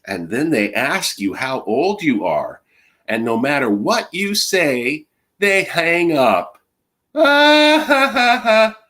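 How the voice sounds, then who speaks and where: A man's voice: medium pitch, very animated, slow pace, a bit bright. A man in his forties with a cold, streaming an angry, profane, rambling rant to camera. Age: 40s. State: has a cold. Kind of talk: ranting monologue to camera.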